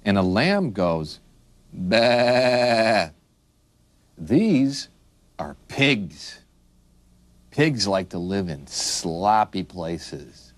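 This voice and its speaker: A man slowly naming animals for young children in a patient, sing-song teaching voice and asking the listener questions. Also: low-pitched, sing-song, no room sound. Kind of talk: children's picture-book narration.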